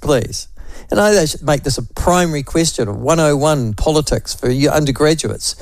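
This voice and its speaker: A man's voice: a little high, lively intonation, moderate pace, dry recording, poor audio. A man hosting talk radio, blunt and opinionated, rambling with many fillers and asides. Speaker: radio talk show host.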